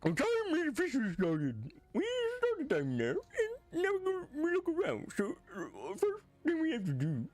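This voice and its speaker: A man's voice: extremely high pitch, wildly swooping pitch, moderate pace, a little mellow, voice pushed up, exaggerated voice. A man voicing a jolly male chef who babbles in mock Swedish and slurs his words. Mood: goofy. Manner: slurred sing-song babble.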